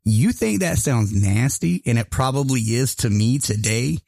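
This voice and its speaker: Guy swearing and laughing through stories, dry close sound, mid pitch. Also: lively intonation, normal speed, vocal fry, a little mellow, no echo. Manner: profane, laughing storyteller. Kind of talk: casual chat.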